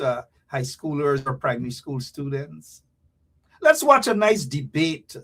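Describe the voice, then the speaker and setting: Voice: mid-range voice, lively intonation, measured pace, fairly bright tone. Exasperated caller. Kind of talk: casual call-in talk.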